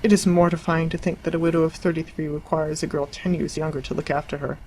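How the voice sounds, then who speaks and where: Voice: mid-range voice, level tone, fast talker, darkish tone, a little hiss or hum, lightly acted, poor audio. A narrator voicing a stern older woman, prim and disapproving.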